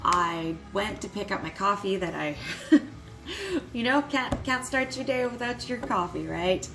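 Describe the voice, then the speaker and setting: A young adult woman telling a personal story to camera in a vlog, candid and quick to swear, with nervous little laughs. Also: mid-range voice, very animated, music in the background, low-quality recording. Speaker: vlogger.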